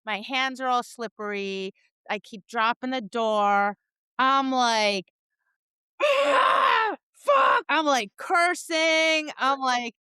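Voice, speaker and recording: Brief: woman co-host, animated storyteller, bright crisp tone, unhurried, close dry mic. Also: a little high, no echo. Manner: animated storyteller, acts out voices, laughs and swears. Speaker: podcast co-host, dog trainer. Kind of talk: casual chat.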